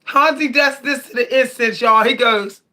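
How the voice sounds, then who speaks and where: A woman telling animated, laughing stories to her viewers in a casual vlog. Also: a little high, moderate pace. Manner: animated, laughs often, addresses viewers directly. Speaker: cat owner vlogger.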